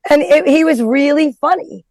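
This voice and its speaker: High-voiced blunt woman comedian, dry sound. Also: normal speed, a little mellow, dry recording. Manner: blunt, profane, storytelling. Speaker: stand-up comedian, podcast guest. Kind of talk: casual podcast chat.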